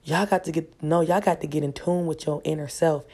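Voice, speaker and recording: A woman's voice: low-pitched, fairly even intonation, brisk, a little mellow. Woman preaching self-love, emphatic and profane. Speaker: vlogger. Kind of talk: casual motivational monologue.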